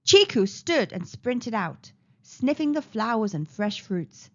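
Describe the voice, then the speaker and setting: A woman reading a children's storybook aloud in an animated, sing-song way. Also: a little high, slow pace. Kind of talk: read-aloud storybook narration. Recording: slightly dull lo-fi recording.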